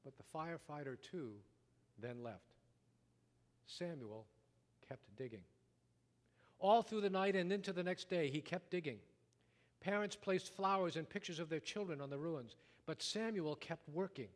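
A man preaching a sermon, telling a story dramatically, rising loud and dropping to a hush. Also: fairly high pitch, lively intonation, a little slow, pauses often. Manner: dramatic storytelling, wide swings from loud to hushed. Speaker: pastor. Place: church sanctuary. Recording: long reverb of a large hall.

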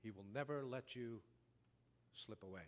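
A man preaching a sermon, telling a story dramatically, rising loud and dropping to a hush. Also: mid-range voice, normal speed. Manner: dramatic storytelling, wide swings from loud to hushed. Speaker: pastor. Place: church sanctuary. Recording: long reverb of a large hall.

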